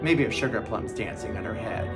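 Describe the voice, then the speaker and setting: A woman's voice: very deep voice, animated, brisk, creaky, music in the background. A woman hosting a show of film recommendations, chatty and enthusiastic, with jokey asides. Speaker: film reviewer host.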